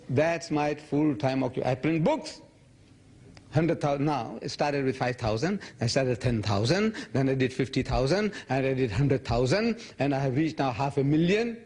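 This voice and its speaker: Older man in his 70s, husky, slightly high voice, animated storyteller, lecture Q&A. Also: normal speed. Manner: animated storytelling, quoting others in raised voice. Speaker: speaker answering audience questions. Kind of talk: public lecture Q&A.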